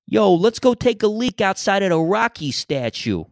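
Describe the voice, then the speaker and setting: A man's voice: high-pitched, sing-song, normal speed, vocal fry, no room sound, studio quality, voice pushed up, full character voice. A man putting on a brash, profane male sports fan with a thick big-city accent. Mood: brash mocking.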